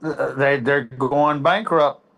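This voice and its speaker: A man's voice: on the high side, fairly even intonation, slow pace, highs cut off. A man, chatting as a guest on a livestream in an easygoing way. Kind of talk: casual group chat.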